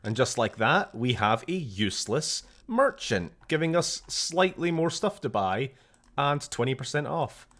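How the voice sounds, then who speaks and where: A man's voice: medium pitch, very animated, a little slow, a bit bright. A young Scottish man chatting casually and jokily while streaming a game, swearing now and then.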